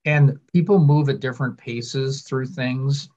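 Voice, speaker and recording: A man speaking on a webinar, explaining in a measured, deliberate way over a video call. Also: medium pitch, mellow. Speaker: webinar presenter. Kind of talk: explanatory panel talk. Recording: muffled lo-fi call audio.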